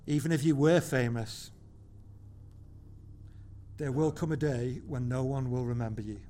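A man preaching a sermon as pastor in church, conversational and wry with dry humorous asides, slowing down to land emphatic points. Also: mid-range voice, fairly even intonation, dark tone, a little hiss or hum. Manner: builds to slow, emphatic points.

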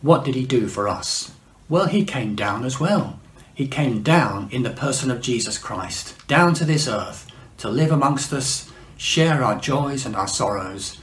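Man, mid-pitched preacher, unhurried sermon delivery, reverberant hall sound. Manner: measured, slows for emphasis, frequent fillers. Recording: echoey room.

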